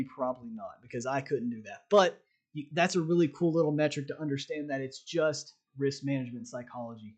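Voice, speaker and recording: Emphatic man with a higher voice. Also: husky. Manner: direct, emphatic, conversational, frequent "right?" asides. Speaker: trading coach. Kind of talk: casual motivational talk to viewers.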